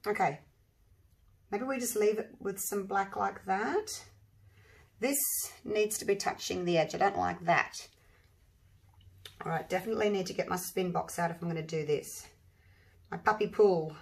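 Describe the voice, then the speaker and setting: A woman with a husky voice from allergies, chatting her way through an acrylic paint pour, thinking aloud and breaking into excited exclamations. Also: mid-range voice, a little slow, pauses often. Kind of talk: casual demonstration while working.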